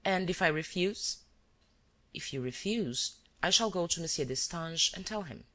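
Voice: mid-range voice, animated, normal speed, bright, forceful tone. A reader voicing a young French woman who is cornered and frightened, answering in pleading, breathless denials. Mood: cool defiance.

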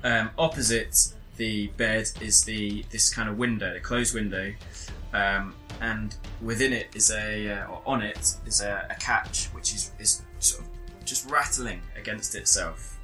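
A man runs a tabletop horror game, describing scenes in a very bright, clear voice. He stops and restarts often, filling gaps with ums. Quiet music plays behind him. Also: on the low side, fairly even intonation, poor audio. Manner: halting, with many ums and restarts. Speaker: game master.

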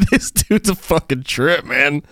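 A man's voice: on the high side, animated, takes it slowly, a bit bright, no room sound, studio quality. A man co-hosting a podcast, reacting in casual chat with laughs and swearing. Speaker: podcast co-host.

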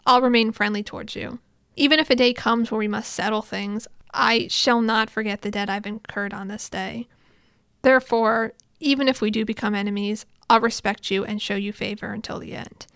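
A woman voicing a stern young noblewoman commander in a formal, measured way, read in a recap. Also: a little high, steady tone, fairly bright tone, clear, resonant tone, dry recording, studio quality.

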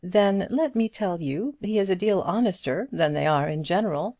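A woman's voice: lowish voice, expressive, normal speed, mellow, no room sound, clean studio sound, voice pushed up. A woman voicing a frank, gossipy older single woman with folksy, blunt talk in an audiobook reading. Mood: confiding gossip. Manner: chatty, blunt, homely turns of phrase.

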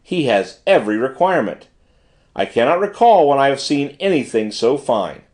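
A man voicing a brisk, fussy middle-aged male manager who talks formally and gushes in an audiobook reading. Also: mid-range voice, big pitch swings, darkish tone, lightly acted. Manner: formal, gushing and exacting.

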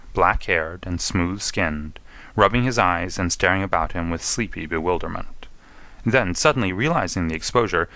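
A man with a deep but sharp, forceful voice reads a classic detective story in a measured, distinct way. The sound is dry and close, with no room around him. He gives the scenes a steady storyteller's pace. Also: no echo. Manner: measured, distinct reading with voices for each character. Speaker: audiobook narrator.

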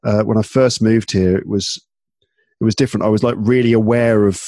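A man's voice: fairly low pitch, fairly quick, dry recording. A man from England hosting a podcast, talking casually with lots of fillers and restarts. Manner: relaxed, chatty, frequent fillers and restarts. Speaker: podcast host and English teacher.

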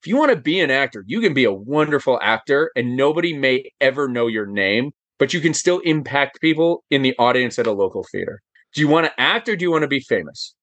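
A man talking as a podcast guest in casual chat, animated and emphatic, firing off rhetorical questions. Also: mid-range voice, quick pace, no echo.

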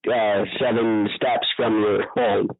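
A man's voice: fairly low pitch, fairly even intonation, slow pace, a crowd in the background. A man from Vancouver co-hosting a podcast, chatting casually, with frequent ums and restarts as he makes his points. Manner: hesitant, many ums, stops and restarts, opinionated. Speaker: podcast co-host. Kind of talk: casual chat. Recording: tinny phone-like audio.

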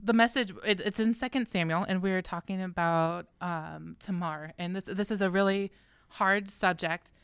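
A woman's voice: on the low side, normal speed, clear, resonant tone, no echo, studio quality. A woman co-hosting a church podcast, chatting casually in an upbeat way and leading the discussion.

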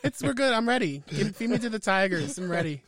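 A man's voice: high-pitched, animated, fast, a bit bright, no echo. A man co-hosting a podcast, chatting casually and playfully, often restarting his sentences. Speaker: podcast co-host.

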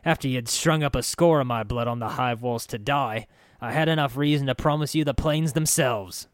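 A man's voice: mid-range voice, normal speed, dry recording, studio quality, pitched above the performer's own voice, natural voice. A man voicing an angry male gang boss who speaks in heated, bitter outbursts. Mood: furious.

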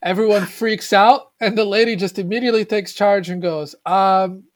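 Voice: medium pitch, steady tone, moderate pace. A podcast co-host talking casually about a movie in an earnest, rambling way, often restarting sentences.

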